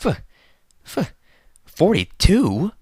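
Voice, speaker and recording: A man's voice: on the low side, sing-song, moderate pace, bright, forceful tone, no echo, clean studio sound, voice pushed up. A man voicing a timid young male unicorn magician who stammers anxiously. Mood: nervous.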